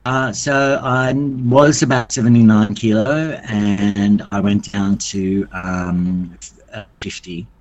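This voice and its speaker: A man being interviewed, telling dark jokes at his own expense with many restarts and fillers. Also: on the low side, flat delivery, slow, highs cut off. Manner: darkly joking and self-mocking. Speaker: interview guest. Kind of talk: casual conversation.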